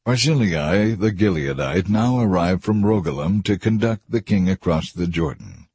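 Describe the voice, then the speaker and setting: A man reading scripture aloud in a measured, even narration. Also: low-pitched, husky. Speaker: scripture reader. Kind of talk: scripted Bible reading over music. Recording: soft music bed behind.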